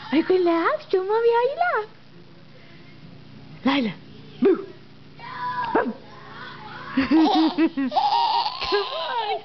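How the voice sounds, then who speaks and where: A woman's voice: extremely high pitch, very animated, measured pace, pauses often. A mother coaxing her baby in sing-song baby talk at home, laughing often. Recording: dull lo-fi home video with noise.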